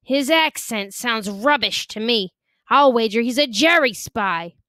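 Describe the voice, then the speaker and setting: A woman voicing a fat, drunken, hostile man who bellows slowly. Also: fairly high pitch, expressive, pushed and bright, no room sound, clean studio sound. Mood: mocking. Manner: bellowing, slow.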